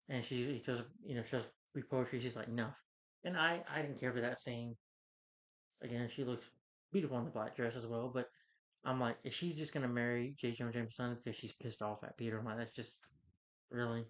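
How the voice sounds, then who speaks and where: A man's voice: medium pitch, fairly even intonation, fairly quick. Rambling man in a lo-fi film review. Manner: rambling, filler-heavy plot retelling.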